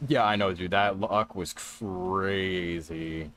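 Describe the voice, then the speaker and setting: A man streaming a game and chatting casually, getting panicky and excitable and repeating himself in bursts. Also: sits low, unhurried, hardly any pauses. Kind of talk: casual gaming livestream chat.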